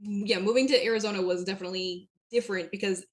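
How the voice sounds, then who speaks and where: A woman's voice: mid-range voice, fairly even intonation, quick pace. A young woman from southern New Hampshire, chatting as an interview guest, with frequent fillers and laughs. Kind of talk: casual interview chat.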